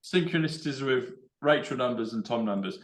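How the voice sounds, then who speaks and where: Excitable English man in an echoey room. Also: medium pitch, a little fast. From England. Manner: excitable, rambling, counts out number codes aloud. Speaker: show host. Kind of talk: casual chat.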